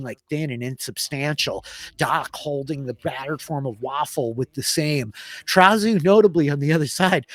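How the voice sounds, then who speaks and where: A man's voice: fairly high pitch, no echo. A man narrating as Dungeon Master of a tabletop game, in a casual way full of filler words while he describes scenes.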